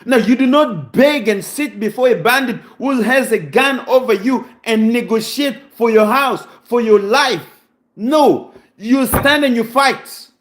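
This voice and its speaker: A Congolese man giving an impassioned, preaching monologue, full of rhetorical questions and close to tears with emotion. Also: extremely high pitch. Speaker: channel host.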